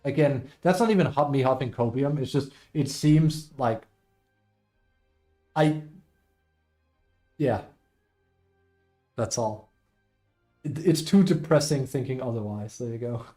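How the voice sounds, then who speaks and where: A man's voice: medium pitch, slow pace, pauses often, mellow, faint music behind. A man streaming live and chatting casually with viewers, rambling and self-deprecating as he reads chat aloud.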